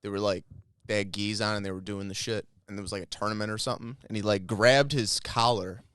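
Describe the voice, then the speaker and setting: A man co-hosting a podcast, telling stories in an animated, profane way and correcting himself as he goes. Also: fairly low pitch, fast talker, smooth, dry recording, clean studio sound. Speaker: podcast co-host. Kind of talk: casual chat.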